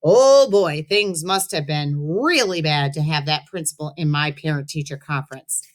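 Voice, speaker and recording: Teacher lady reading a kids book aloud, slightly low voice, expressive. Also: normal speed. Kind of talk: read-aloud storytelling.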